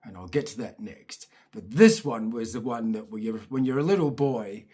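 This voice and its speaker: Husky-voiced man spinning a rambling yarn. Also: medium pitch, normal speed, dark tone. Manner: rambling, profane, chatty. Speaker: storyteller. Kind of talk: casual spoken storytelling.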